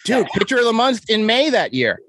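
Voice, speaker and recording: A man's voice: high-pitched, very animated, fairly quick, fairly bright tone. A man hosting a casual sports podcast, reeling off stats and correcting himself as he goes. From New York. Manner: stat-heavy, enthusiastic, self-correcting. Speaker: podcast host.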